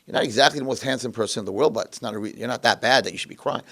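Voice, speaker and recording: A man's voice: mid-range voice, rapid-fire, natural voice. A man doing a cheerful, kind old man. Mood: firm. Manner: lively, coaxing, enthusiastic.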